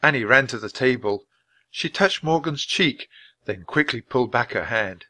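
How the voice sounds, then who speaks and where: A man reading a children's storybook aloud at a steady, clear pace for English learners. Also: medium pitch, normal speed, no room sound. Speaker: storybook reader. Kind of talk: scripted narration for English learners.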